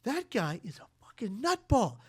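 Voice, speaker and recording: A man voicing a young male psych patient who mocks someone loudly. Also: sing-song, normal speed, breathy edge, exaggerated voice. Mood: mocking. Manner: shrill, loud and contemptuous.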